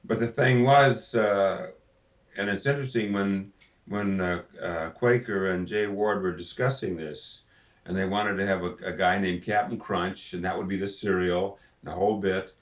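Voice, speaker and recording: A man, a voice actor, telling anecdotes in an interview in an animated way, slipping into voices. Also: deep voice, moderate pace, highs cut off. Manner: animated storyteller, slips into voices. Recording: roomy, distant mic.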